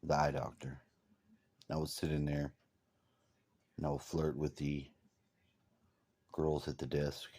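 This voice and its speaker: A drowsy man rambling deadpan as he waits for a ride, his voice trailing off quietly. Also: rumbling low, a little slow, long pauses, slightly rough. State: sleepy. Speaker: vlogger. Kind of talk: rambling casual monologue.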